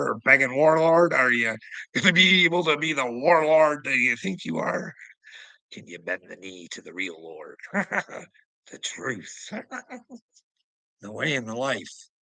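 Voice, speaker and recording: A man delivering a preachy, taunting rant at a rival, laughing mockingly, swearing, and swinging between loud outbursts and low mutters. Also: expressive, a little slow, gravelly, dry recording, low-quality recording. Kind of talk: ranting monologue to a rival streamer.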